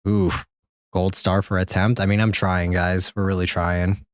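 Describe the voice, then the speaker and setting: A man streaming a game live, rambling and joking with chat, swearing now and then, with sudden high-pitched exclamations. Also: little pitch movement, unhurried, smooth, no room sound, studio quality. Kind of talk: live gameplay commentary.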